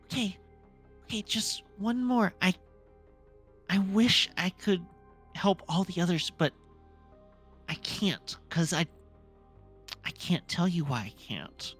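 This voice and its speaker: A woman voicing an earnest little female pixie who talks softly and coaxingly. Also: on the low side, slow, pauses often, breathy edge, faint music behind. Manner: soft and coaxing, gently pleading.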